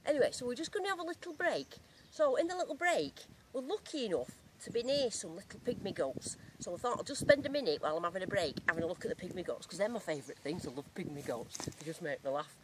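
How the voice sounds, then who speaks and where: A woman's voice: medium pitch, animated, fast, background noise. A woman with a strong regional English accent, chatting casually and jokily with lots of slang while metal detecting outdoors. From England. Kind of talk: casual outdoor vlog narration. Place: outdoors in a field.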